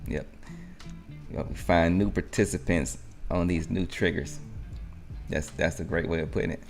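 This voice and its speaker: A man's voice: low voice, steady tone, normal speed, a little mellow, soft background music. A man hosting a live trading stream, narrating market moves in a rambling, think-aloud way.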